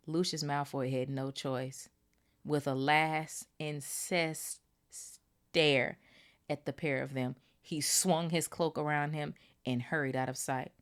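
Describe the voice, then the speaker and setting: A woman hosting a book club podcast, reading a novel aloud with animated, swearing asides. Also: low voice, unhurried. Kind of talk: casual read-aloud with commentary.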